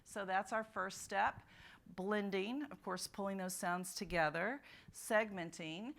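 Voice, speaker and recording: A woman's voice: medium pitch, unhurried, creaky, a bit bright. A woman presenting at a teachers' literacy conference, working through examples and modeling sounds and words aloud for the audience. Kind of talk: teaching workshop talk. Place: conference room.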